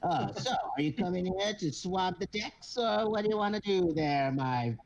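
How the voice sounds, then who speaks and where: A man's voice: high voice, animated, gravelly, pitched above the performer's own voice. A man voicing a short, bumbling male kobold sea captain who boasts and chuckles, in a tabletop game. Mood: boastful. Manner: boastful, chuckling, drawn-out goofy delivery.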